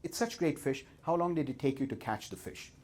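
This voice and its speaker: A man's voice: a little high, expressive, a little fast, darkish tone. A man doing a pushy business professor. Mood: incredulous. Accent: Indian.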